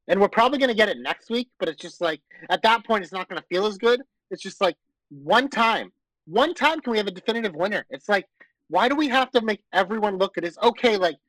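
A man with a high-pitched voice rants in casual podcast chat, exasperated and quick to swear. The sound is dry and close, with no room around it. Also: a bit bright, no echo, rough recording. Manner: exasperated, profane ranting. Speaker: podcast co-host.

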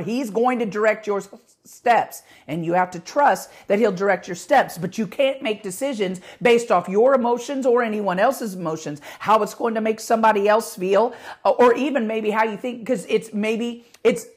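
A middle-aged woman pastor preaching with passion, her voice growing louder as she gets excited. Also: mid-range voice, moderate pace. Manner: passionate, rising volume when excited. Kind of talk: podcast sermon.

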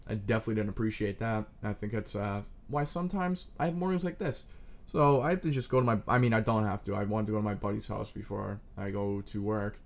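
In his twenties with a voice on the low side, this young man rambles through a crude comic monologue, making fun of himself and erupting loudly without warning.

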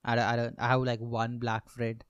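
A man's voice: mid-range voice, monotone, moderate pace, smooth, dry recording. A young man hosting a comedy podcast, rambling through a monologue with self-mocking asides and lots of swearing.

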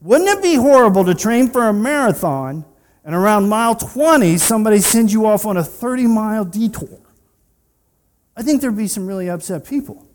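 A man's voice: sits high, lively intonation, moderate pace. A male pastor preaching a sermon in a conversational way, with personal asides and rhetorical questions. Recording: long reverb of a large hall.

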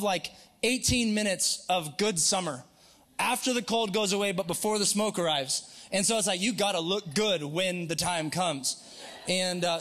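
Male pastor, high voice, chatty and joking, preaching live to a congregation. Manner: conversational, joking, animated. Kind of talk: sermon. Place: church in Northwest Montana.

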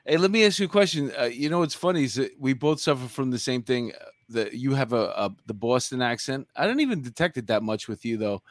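A man with a heavy New York accent, co-hosting a casual chat, chatty and quick to laugh. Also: mid-range voice, animated, no echo, studio quality. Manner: chatty, laughs easily, many fillers. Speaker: co-host.

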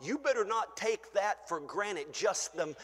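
An older man preaching a fervent sermon as pastor in a church, shouting praise and then dropping to a hush. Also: high voice, animated, measured pace, husky. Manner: shouting, exclaiming hallelujah, swinging between loud and soft. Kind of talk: pentecostal sermon. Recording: church hall reverb.

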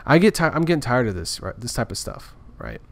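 A man's voice: medium pitch, sing-song, a little fast. A man talking in a casual, rambling rant, frustrated and full of restarts. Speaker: podcaster. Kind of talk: casual ranting monologue.

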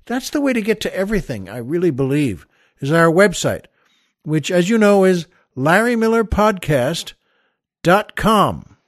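A man's voice: sits high, big pitch swings, a little slow, no room sound, clean studio sound. An older man hosting a casual comedy podcast, rambling through plugs and a joke with a chuckle, stopping and restarting, doing small voices for the characters. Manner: rambling, chuckling storyteller who tells jokes with little voices. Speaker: podcast host.

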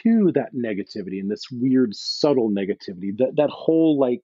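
A man's voice: medium pitch, sing-song, fairly quick, mellow, slightly rough, dry recording. A man in casual chat, rambling with lots of "like" and "right?", on a dull, dry lo-fi mic.

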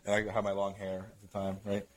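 Laid-back man telling a story, low voice. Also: fairly quick. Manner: rambling, filler-heavy with "like" and "bro"; animated, builds up to louder bursts. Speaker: podcast host. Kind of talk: casual storytelling chat.

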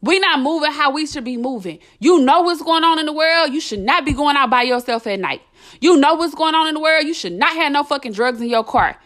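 A woman's voice: high-pitched, lively intonation, a little fast, a bit bright. A young adult woman hosting a podcast, delivering a blunt, impassioned monologue full of swearing and emphatic repetition. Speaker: podcast host.

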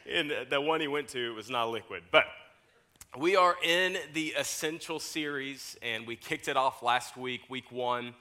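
Young male pastor, bright tone, animated sermon storyteller, preaching in a church. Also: mid-range voice, moderate pace. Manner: animated storytelling, laughs at own jokes. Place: church sanctuary.

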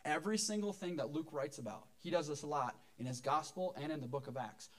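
A pastor, a man with a notably high voice, delivers a relaxed, conversational sermon in church. He jokes with the congregation as he teaches. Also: fast talker.

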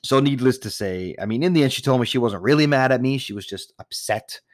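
A man's voice: medium pitch, fast, dry recording, clean studio sound. A man casually telling personal dating stories, rambling with frequent restarts and the odd swear word. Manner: rambling, with repeated restarts and laughs. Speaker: storyteller. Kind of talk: casual storytelling monologue.

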